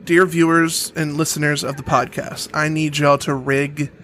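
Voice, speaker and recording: A man's voice: on the high side, level tone, moderate pace, a bit bright, slight background noise. A man co-hosting a podcast in casual chat, full of joking, playful banter. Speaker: podcast co-host.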